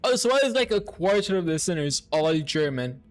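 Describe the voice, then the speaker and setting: A man streaming a video game, chatting casually and excitably with his viewers and swearing freely. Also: high-pitched, a little fast, soft background music. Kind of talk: casual live-stream chat while gaming.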